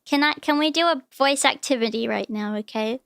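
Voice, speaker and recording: A young Australian woman streaming, reacting to videos with loud exclamations and laughter. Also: high voice, a little fast, creaky, clean tone, no echo, studio quality. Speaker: VTuber streamer. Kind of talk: live-stream reaction commentary.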